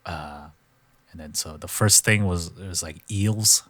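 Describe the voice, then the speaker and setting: A man co-hosting a podcast, retelling a show in casual chat and acting out quotes in sudden high voices. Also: unhurried, a bit bright, dry recording. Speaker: podcast co-host.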